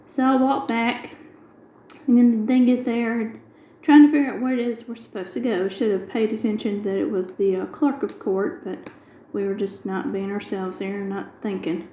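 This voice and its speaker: A woman's voice: mid-range voice, steady tone, moderate pace, dark tone, roomy sound, slight background noise, low-quality recording. A middle-aged woman, chatting casually and retelling a long everyday story with quoted dialogue. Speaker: craft video host. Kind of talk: casual chat while diamond painting.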